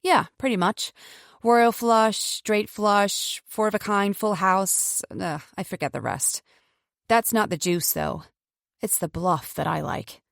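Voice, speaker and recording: A woman's voice: medium pitch, slow, creaky, no room sound, clean studio sound. A woman voicing a brash, teasing woman who enjoys poker, breezy and blunt. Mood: chatty. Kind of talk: audiobook character voice.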